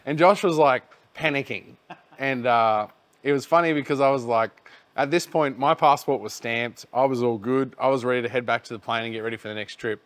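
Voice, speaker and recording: Australian man, podcast host, casual storyteller, profane and relaxed. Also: medium pitch, brisk. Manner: rambling, laid-back, swears freely.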